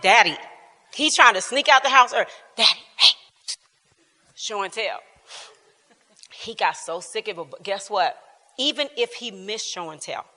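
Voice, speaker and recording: A woman's voice: fairly high pitch, bright, forceful tone. A woman in her fifties leading a church Bible class, telling personal family stories in an earnest, informal way and laughing often. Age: 50s. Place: church hall. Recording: reverberant church hall.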